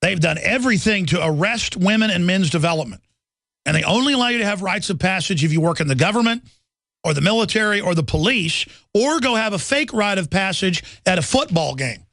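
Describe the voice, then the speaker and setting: A man's voice: high voice, lively intonation, fairly quick, vocal fry, pushed and bright, dry recording. A middle-aged man hosting a talk radio show, delivering an urgent, ranting monologue full of "uh" fillers. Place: radio studio.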